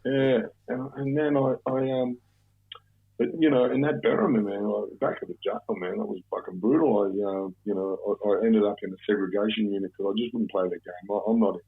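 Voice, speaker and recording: A man's voice: on the low side, steady tone, fairly quick, breathy edge. A man with an Australian accent telling a rambling, profane story in casual chat, with many restarts. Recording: tinny phone-like audio.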